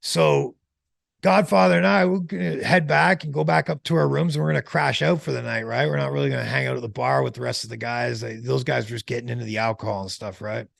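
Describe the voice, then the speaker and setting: A man telling a long, animated anecdote as an interview guest, in a slangy, casual way. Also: mid-range voice, quick pace, gravelly, no room sound, studio quality.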